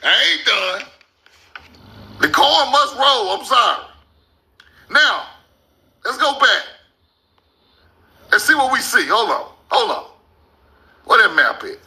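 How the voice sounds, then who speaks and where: A man with a very high, bright, gravelly voice talks through maps in casual commentary. He drawls slowly and swings his pitch wildly. He is loud and incredulous, laughing and swearing as he goes. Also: big pitch swings. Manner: slow, drawn-out emphasis on names. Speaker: host.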